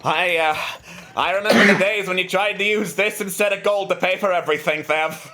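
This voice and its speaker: A man's voice: sits high, brisk, very noisy, pitched above the performer's own voice, lightly acted. A man playing a chummy old pal. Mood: fond.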